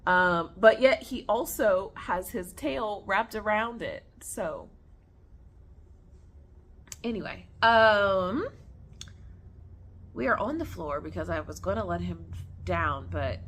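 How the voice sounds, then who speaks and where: A young woman vlogger at home, casually telling a story to viewers in an animated, chatty way. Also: lowish voice, slow pace, pauses often. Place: at home on the floor with her snake.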